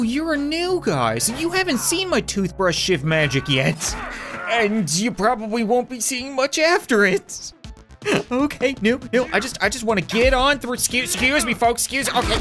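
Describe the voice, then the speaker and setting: Lively wisecracking man narrating gameplay. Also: sits high. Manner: wisecracking, sarcastic, talks to game characters. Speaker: let's-play host. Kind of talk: joking game commentary.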